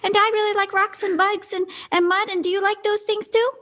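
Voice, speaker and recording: A woman voicing an excited young girl druid who gushes about rocks, bugs and mud. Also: very high-pitched, a little fast. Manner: eager, gushing questions. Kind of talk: tabletop role-play.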